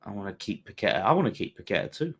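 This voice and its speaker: A man hosting a live fan watchalong of a football match, talking excitably to his viewers, swearing freely and bantering as the play unfolds. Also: lowish voice, very fast, slightly rough. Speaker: fan channel host.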